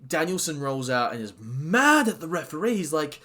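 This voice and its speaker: A man hosting a casual solo wrestling review, excitable and hesitant, with many ums and restarts. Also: on the high side, normal speed.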